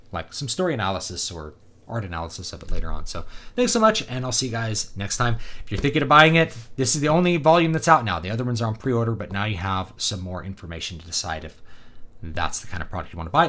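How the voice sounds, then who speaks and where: A man's voice: fairly low pitch, very animated, fast, fairly bright tone. A man giving a casual, opinionated product review, talking conversationally with plenty of fillers. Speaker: book reviewer and author.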